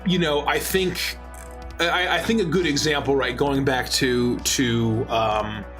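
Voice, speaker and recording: A man's voice: medium pitch, fairly even intonation, slow pace, fairly bright tone, faint music behind. A man talking on a casual talk show, explaining game-master advice with emphasis.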